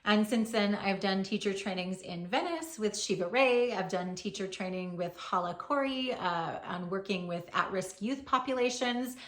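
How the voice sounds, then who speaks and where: A woman's voice: mid-range voice, lively intonation, normal speed, few pauses. Joking blunt woman in an echoey room. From Hawaii. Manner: blunt, joking, sometimes swears. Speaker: yoga teacher. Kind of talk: casual Q and A vlog.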